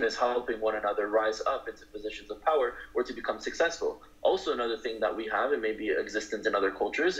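A man's voice: lowish voice, fairly bright tone, dull audio. A young man speaking in a casual, earnest, argumentative monologue, with frequent fillers and restarts. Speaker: speaker on culture.

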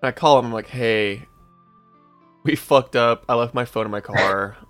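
A young man on a podcast, spinning a rambling story in a relaxed, swear-heavy way at a middle pitch. He chuckles at his own story as he goes, with faint music playing behind him. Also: moderate pace. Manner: laid-back, swears often, laughs at his own story. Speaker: podcast host. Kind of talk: casual storytelling to co-hosts.

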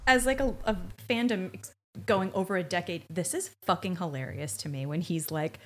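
A woman's voice: fairly low pitch, normal speed, fairly bright tone. A woman co-hosting a podcast, joking sarcastically and acting out quotes in casual recap chat. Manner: sarcastic, jokey, acts out quotes. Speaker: podcast co-host.

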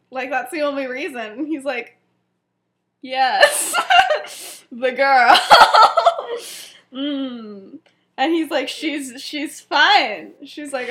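A young woman with a somewhat high, bright voice co-hosts a podcast and retells a story in casual conversation. She giggles often, acts out quoted lines, and uses plenty of fillers.

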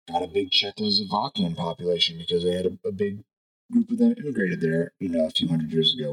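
A man's voice: sits low, pushed and bright, slightly rough, poor audio. A man talking casually through his views in a rambling monologue, thinking aloud and checking in with "right?" as he goes. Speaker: podcast host.

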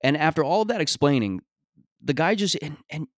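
A man hosting a podcast, telling stories in a rambling, profane, animated way, often stammering and restarting his sentences. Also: a little high, fairly quick, no room sound, studio quality. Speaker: podcast host. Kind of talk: casual comedic monologue.

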